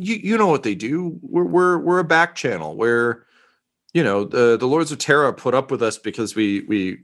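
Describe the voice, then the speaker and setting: A man's voice: medium pitch, a bit bright, pitched above the performer's own voice. Man doing a stammering, self-pitying news reporter. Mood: rueful. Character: nervous male propaganda reporter, eager for praise.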